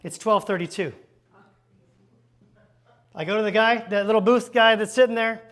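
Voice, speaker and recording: A man with a very high-pitched voice preaches by storytelling. He acts out each exchange in animated bursts and throws quick asides to the congregation from a church stage. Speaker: pastor. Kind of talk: storytelling sermon.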